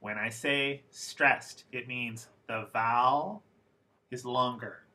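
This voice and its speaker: A young man talks through a recorded lesson for his class, pausing to repeat example words slowly and deliberately. His voice is mid-pitched and bright. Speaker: English teacher.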